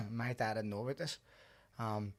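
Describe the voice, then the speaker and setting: A man's voice: lowish voice, measured pace. A young man, a podcast guest who swears freely and tells stories with animation. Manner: swears a lot, animated storyteller. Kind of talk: casual chat.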